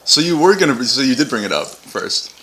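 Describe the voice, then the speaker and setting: A man co-hosting a casual podcast in a relaxed, laid-back way. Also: medium pitch, a little fast, a little hiss or hum. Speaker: podcast co-host.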